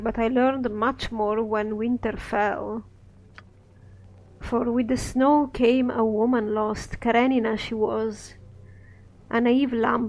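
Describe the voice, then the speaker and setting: A man reading a scripted play aloud, voicing a young apprentice who narrates a tale in rhyming verse. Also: extremely high pitch.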